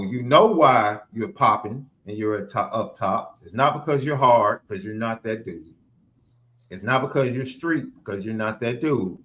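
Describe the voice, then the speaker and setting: A man co-hosting a casual podcast, calmly explaining and retelling what others said. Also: lowish voice. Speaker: podcast co-host. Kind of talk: casual sports podcast chat.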